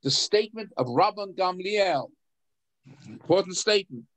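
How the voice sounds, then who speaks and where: A man with a high voice leads an adult education class. He explains a text in a halting way, repeating words, putting questions to his students and chuckling between points. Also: lively intonation, fairly bright tone, low-quality recording. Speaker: rabbi teaching adult education.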